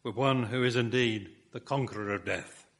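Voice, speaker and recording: A man's voice: medium pitch, moderate pace, fairly bright tone. A man preaching a sermon, building his points with rhetorical questions and emphatic repetition.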